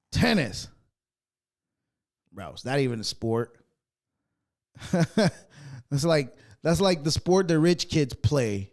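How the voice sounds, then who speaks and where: A man's voice: a little high, darkish tone. A man hosting a podcast, ranting casually in a profane, rambling way. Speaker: podcast host.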